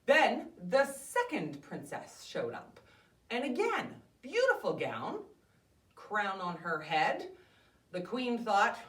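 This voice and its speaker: A woman hosting a library storytime, reading a fairy tale aloud to children with animated expression. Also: mid-range voice, slow. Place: library room. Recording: roomy, mic at a distance.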